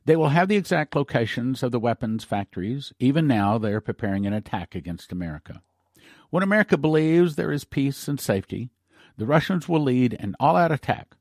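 A man's voice: medium pitch, big pitch swings, a little mellow, dry recording, clean studio sound. A man reading the lines of a solemn prophetic angel. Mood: grave. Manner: grave, measured pronouncements. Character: solemn male angel delivering a prophetic warning. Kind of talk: read-aloud story.

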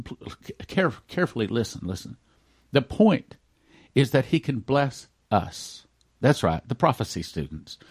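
A male pastor preaching a radio sermon in an earnest way, moving between loud emphatic lines and hushed, almost whispered ones. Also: medium pitch, slightly rough, no echo, studio quality.

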